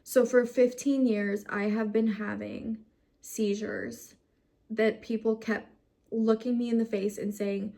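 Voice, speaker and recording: A woman's voice: fairly high pitch, level tone, slow, gravelly, dark tone. Frustrated young woman close to tears. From United States. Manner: emotional, frustrated, swears, fights back tears. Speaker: vlogger. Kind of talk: personal story to camera.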